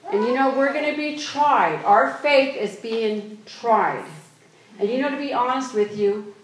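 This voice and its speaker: A woman preaching a sermon, reading scripture aloud slowly and exhorting her congregation earnestly. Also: on the high side. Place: church. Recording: echoey room with faint noise.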